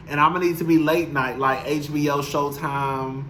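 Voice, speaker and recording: A man's voice: a little high, steady tone, moderate pace, a bit bright, slight background noise. A man chatting candidly and emotionally to his viewers in a casual, profane vlog, speaking from his apartment. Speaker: YouTube commentator. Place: home apartment. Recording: roomy echo.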